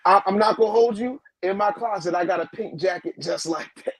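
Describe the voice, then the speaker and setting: A man who manages wrestlers, telling a backstage story as a guest, acting out the quotes in a lower voice. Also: brisk, crowd noise, poor audio. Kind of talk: animated storytelling.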